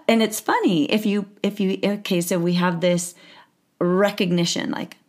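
A woman coach calmly guiding the talk and explaining steps one at a time. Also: on the low side, measured pace. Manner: calm, guiding, explaining step by step. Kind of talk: coaching conversation.

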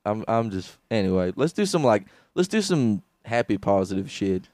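A man's voice: fairly low pitch, big pitch swings, normal speed, darkish tone, no echo. A young man co-hosting a comedy podcast, rambling and swearing as he acts out quotes in casual chat. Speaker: podcast co-host. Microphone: studio podcast mic.

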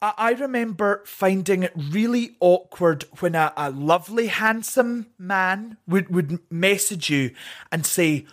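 A young man speaking as a guest in a candid interview, chatty and animated, who often stumbles over repeated words and acts out what other people said in mimicking voices. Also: high voice, a little slow. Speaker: interview guest, drag performer.

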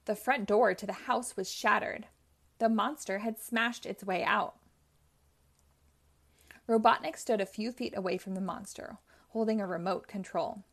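A woman reading a chapter book aloud for children in a clear, steady storytelling manner. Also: medium pitch, measured pace, long pauses. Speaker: storybook reader. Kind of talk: children's read-aloud narration.

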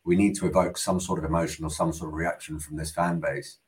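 A deep-voiced man talks quickly on a football podcast, animated and often repeating words as he goes. He is a co-host in a casual chat.

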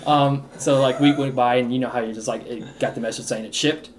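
A man's voice: mid-range voice, steady tone, a little fast, a little hiss or hum. A man on a podcast chatting casually and telling rambling stories, laughing often. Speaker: podcast co-host. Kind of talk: casual chat.

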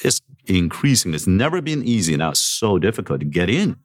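Man, middle-aged, very deep voice, university president, podcast interview, good-humored, self-deprecating, chuckling. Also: sing-song, fairly quick. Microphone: podcast microphone.

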